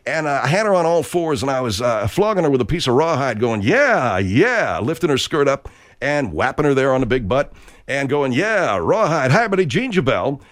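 A man's voice: mid-range voice, expressive, a little fast. Folksy Arkansas man telling a rambling comic tale. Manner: folksy, rambling, full of filler words. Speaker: country show host. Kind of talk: comedic rambling monologue.

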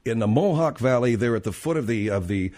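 A man's voice: mid-range voice, animated, a little fast, darkish tone. A man hosting a radio talk show, telling rambling anecdotes with many fillers and restarts.

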